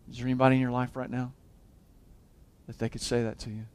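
A man preaching a sermon as a pastor, swinging from loud exhortation to hushed intensity, often restarting and repeating his words. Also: mid-range voice, little pitch movement, quick pace, smooth.

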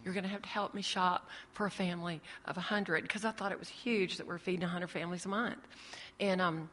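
Woman, animated storyteller, slightly low voice, long reverb of a large hall. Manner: lively storyteller acting out dialogue. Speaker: ministry founder telling her story. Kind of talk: testimony talk to an audience.

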